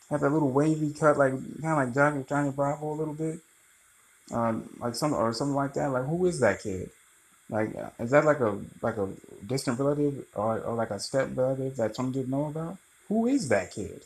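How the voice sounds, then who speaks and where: A man's voice: medium pitch, lively intonation, fairly quick, rough recording. Rambling, profane male movie reviewer.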